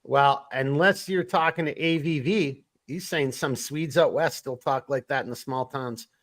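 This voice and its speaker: A man's voice: medium pitch, measured pace, a bit bright, no echo. A man with a Minnesota accent hosting a podcast, joking and swearing in casual banter. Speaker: podcast host. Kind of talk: casual chat.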